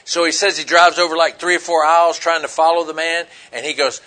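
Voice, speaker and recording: Bright-voiced preacher man, conversational. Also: fairly high pitch, fairly even intonation, brisk. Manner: conversational, rambling storytelling with frequent fillers. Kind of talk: informal sermon.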